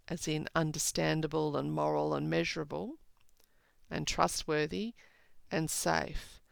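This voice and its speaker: A woman teacher giving a poetry analysis lesson, slowly rereading lines and drawing out their meaning. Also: sits low, fairly even intonation, vocal fry, dry recording, rough recording. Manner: slow, deliberate, rereads lines aloud. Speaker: English teacher.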